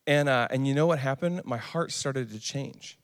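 A young man tells a group his personal story, halting and candid, full of restarts and filler words. His voice sits at an ordinary middle pitch. The sound rings with the long reverb of a large hall. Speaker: recovery group speaker.

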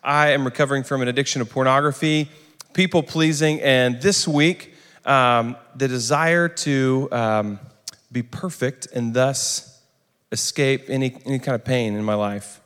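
A man's voice: mid-range voice, fairly even intonation, measured pace, a bit bright, clean tone. A young man sharing a personal testimony with a group, speaking candidly with frequent fillers and restarts. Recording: long hall reverb.

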